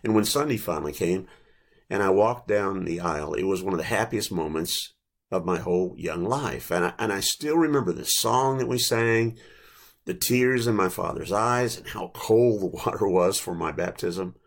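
Older man with a gravelly low voice. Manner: gentle, reflective storytelling with pauses and small restarts. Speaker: preacher. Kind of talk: sermon with storytelling.

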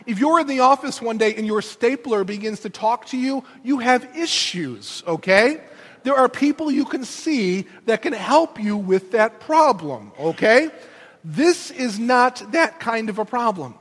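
Male pastor, sermon, animated storytelling, high voice, long hall reverb. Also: measured pace. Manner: animated storytelling, conversational asides.

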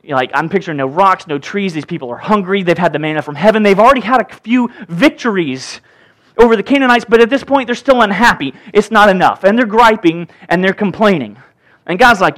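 A male pastor delivering a sermon with a fairly high voice. He reads scripture aloud and breaks into playful asides, acting out voices as he goes. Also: brisk. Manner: lively, joking, acts out voices while reading scripture.

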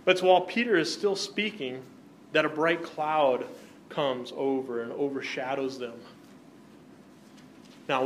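Man, Bible class teacher, slightly high voice, asks the group questions, keeps saying "right?", faint background hiss. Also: fairly bright tone.

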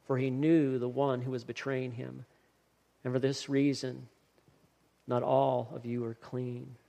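A man's voice: medium pitch, level tone, measured pace, vocal fry, mellow, long reverb tail. A man preaching a sermon earnestly, stressing and repeating key phrases as he builds each point. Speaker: pastor.

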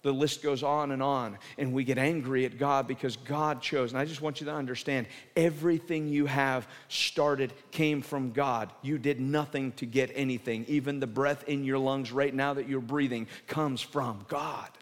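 A pastor giving a sermon, telling the story with animation and dropping to soft, intense emphasis. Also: male voice, medium pitch, steady tone, moderate pace, hardly any pauses. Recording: reverberant hall.

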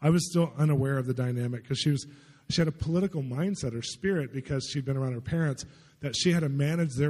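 A man preaching in a relaxed, storytelling way, words tumbling out quickly in a husky, mellow voice. His talk rambles conversationally with plenty of fillers, and a long reverb from a big hall trails behind him. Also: medium pitch. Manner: conversational, chatty, lots of filler "like". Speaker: pastor. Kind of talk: storytelling sermon.

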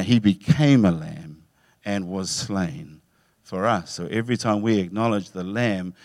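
A man preaching a sermon, telling the story with animated, acted-out voices and occasional laughter. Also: fairly low pitch, no echo, clean studio sound.

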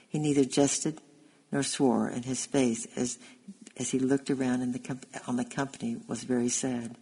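Man, story narration, gravelly, husky, flat delivery. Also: mid-range voice, poor audio. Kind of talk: reading a historical story aloud.

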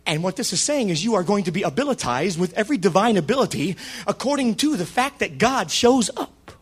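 A man in his fifties preaches with a high, husky voice and a bright, forceful tone. His pitch swings widely as he tells stories and then rises into shouted praise. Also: sing-song, a little fast. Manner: storytelling, builds to shouting praise. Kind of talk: sermon.

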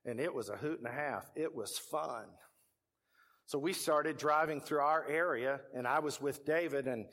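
A man's voice: a little high, moderate pace, a bit bright. A middle-aged man with a Texan accent, a pastor telling a story from the pulpit as a sermon, acting out the voices of the people in it.

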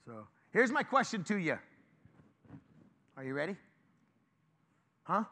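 A male pastor giving an informal, lively sermon and joking with his congregation. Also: high voice, slow pace.

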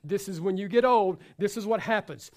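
A man's voice: high voice, moderate pace. A man preaching a sermon to his congregation, talking in a loose, conversational way with frequent repetitions and asides. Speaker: pastor.

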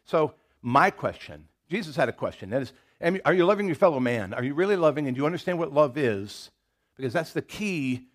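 A man with a Southern American accent preaching to his congregation in a relaxed, chatty way. He laughs easily, restarts his sentences and slips into quick acted-out quotes of people. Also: medium pitch. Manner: conversational, laughs often, restarts and acts out quotes. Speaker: pastor. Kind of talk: sermon.

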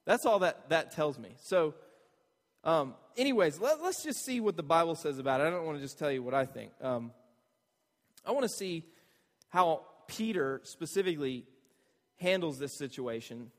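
A man with a high voice preaching a sermon in a loose, conversational way. He keeps tossing rhetorical questions at the listeners. His voice rings out with a long reverb. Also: expressive, moderate pace. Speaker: pastor.

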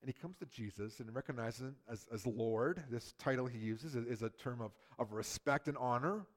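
A man's voice: mid-range voice, normal speed. A man preaching in a conversational way, often repeating words and acting out the lines of the story he explains. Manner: acts out quotes from the story. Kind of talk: sermon.

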